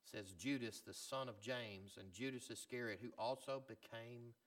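A man preaching a sermon as pastor, swinging from loud emphatic lines to quiet, low ones. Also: normal speed.

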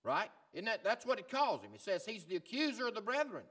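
A man preaching a sermon as pastor, swinging from loud emphatic lines to quiet, low ones. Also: sing-song, a little fast.

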